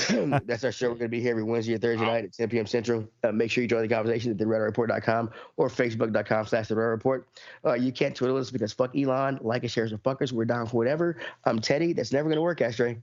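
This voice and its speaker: A man's voice: mid-range voice, fairly even intonation, fast, a little mellow, no echo. Male podcast host, profane ranting chat, dry and lo-fi. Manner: ranting, swears a lot, laughs. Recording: dull lo-fi sound.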